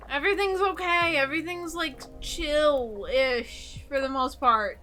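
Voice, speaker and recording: A woman's voice: high-pitched, normal speed, hardly any pauses, bright, forceful tone, soft background music. A woman from Georgia in the US, streaming while doing nail art and chatting casually, rambling and giggling, with the odd swear.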